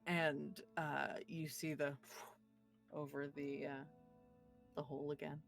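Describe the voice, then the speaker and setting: A woman's voice: deep voice, level tone, takes it slowly, vocal fry, faint music behind. A woman running a tabletop game as dungeon master, narrating in a rambling way with many fillers. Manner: rambling, full of fillers and laughs.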